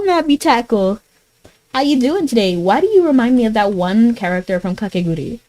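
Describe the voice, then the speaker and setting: Giggly, chatty woman streamer, higher voice. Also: animated, brisk, warm tone, rough recording. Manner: giggly, chatty, answering chat. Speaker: game streamer. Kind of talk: casual live-stream chat while gaming.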